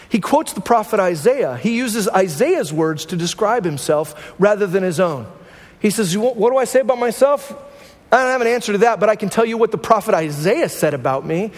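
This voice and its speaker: A man preaching a sermon to his congregation in a lightly high voice, talking with them in a conversational way and checking in with frequent rhetorical questions. His words ring out with a long reverb from a church sanctuary. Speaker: pastor.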